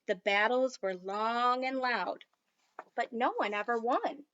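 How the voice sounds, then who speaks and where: A woman reading a children's storybook aloud in an expressive, unhurried way. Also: on the high side, highs cut off, a little hiss or hum. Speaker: storybook reader.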